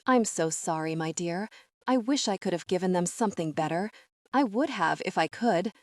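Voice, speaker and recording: A woman voicing a gentle, humble elderly fairy godmother whose voice shakes as she talks apologetically. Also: on the low side, lively intonation, moderate pace, no echo, clean studio sound, lightly acted. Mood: tearful. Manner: soft, apologetic, with a shaky voice.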